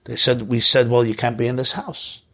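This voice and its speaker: A middle-aged rabbi giving an earnest, emotional sermon, telling a story and repeating phrases for emphasis. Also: male voice, medium pitch, level tone, normal speed, sharp tone.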